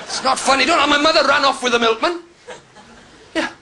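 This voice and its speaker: A fast-talking Welsh man performs stand-up in a comedy club and sounds exasperated and mock-indignant. His voice is pitched high and has a gravelly rasp. Loud crowd laughter fills the room behind him. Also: heavy background noise.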